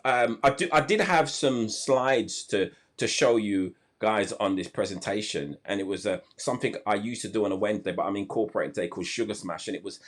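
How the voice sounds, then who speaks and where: A man hosting a live health podcast over a video call, talking enthusiastically and often restarting his sentences. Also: on the low side. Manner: enthusiastic, many restarts and fillers. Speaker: podcast host.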